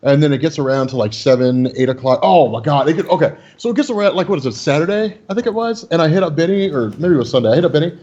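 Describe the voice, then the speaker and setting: A man, a podcast co-host, telling a story in animated casual chat. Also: a little high, racing, few pauses, dull audio.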